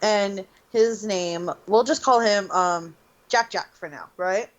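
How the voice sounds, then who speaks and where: A woman's voice: medium pitch, takes it slowly. A woman chatting casually on a podcast, telling rambling stories full of fillers. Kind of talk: casual chat. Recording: dull lo-fi sound.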